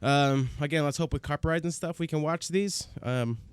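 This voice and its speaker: A man's voice: on the high side, normal speed, clean tone, dry recording. A man hosting a reaction video, chatting casually in a laid-back, rambling way. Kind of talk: casual chat to camera.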